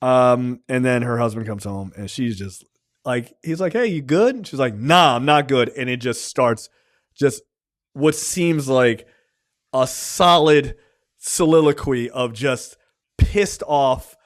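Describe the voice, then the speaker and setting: A man's voice: medium pitch, takes it slowly, dry recording, clean studio sound. Casual, profane male film reviewer. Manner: loose, profane, rambling with many ums and likes.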